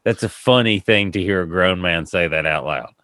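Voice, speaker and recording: A man's voice: low voice, normal speed, dry recording. A man hosting a podcast, telling a long funny story in a rambling way, laughing and acting out the people in it. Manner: rambling, laughing, animated retelling with quoted voices. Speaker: podcast host. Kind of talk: casual storytelling chat.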